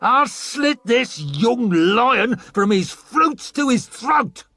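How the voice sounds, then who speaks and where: A man voicing a bloodthirsty young warrior who snarls and shouts in battle. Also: very high-pitched, animated, extremely slow, breathy edge, pitched above the performer's own voice, exaggerated voice. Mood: snarling. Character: savage young male warrior, bloodthirsty braggart.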